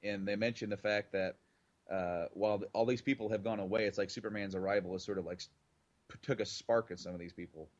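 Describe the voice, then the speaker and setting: A man's voice: fairly low pitch, fairly even intonation, fast, muffled recording. A man co-hosting a podcast in casual chat, rambling and circling back on his points. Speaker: podcast co-host.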